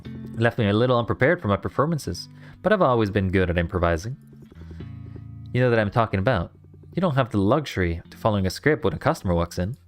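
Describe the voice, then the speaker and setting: Dude reading as a laid-back, teasing young adventurer woman, bouncy pitch, little guitar in the back. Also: sing-song, fast talker. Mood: easygoing. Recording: faint guitar music behind.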